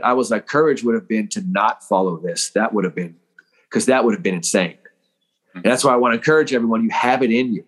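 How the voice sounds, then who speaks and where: A mental training coach speaking in an emphatic, animated way, acting out quoted voices while telling how he found his calling. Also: medium pitch. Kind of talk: motivational interview talk.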